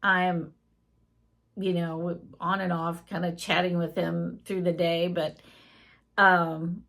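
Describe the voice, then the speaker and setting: Gravelly woman sharing an earnest testimony. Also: lowish voice, little pitch movement, slow pace, fairly bright tone. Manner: earnest, emotional storytelling. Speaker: faith testimony speaker. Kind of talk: casual spoken testimony.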